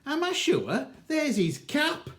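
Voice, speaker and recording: A man's voice: very high voice, wildly swooping pitch, takes it slowly, a bit bright, voice pushed up, full character voice. A man voicing a put-upon, thrifty northern father with a northern English accent, grumbling his complaints. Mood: aggrieved. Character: aggrieved, thrifty northern working-class father.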